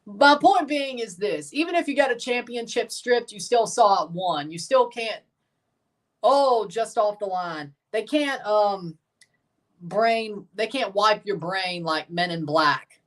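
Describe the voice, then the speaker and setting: A man's voice: high voice, expressive, takes it slowly, a bit bright, far from the mic. Rambling man a bit off-mic. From Mississippi Delta, USA. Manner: rambling, jokey, self-correcting asides. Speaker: streamer reacting to a football match. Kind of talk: casual livestream watchalong commentary.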